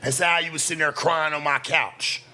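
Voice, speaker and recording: Bright-voiced ranting man streamer. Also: a little high, fairly even intonation, slight background noise. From West Coast US. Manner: profane, heated, rapid-fire ranting. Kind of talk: heated reaction-stream commentary.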